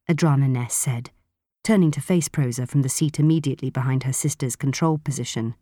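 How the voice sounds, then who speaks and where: A woman narrating an audiobook in a steady, even storytelling manner. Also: a bass voice, brisk, no echo, clean studio sound. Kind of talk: scripted narration.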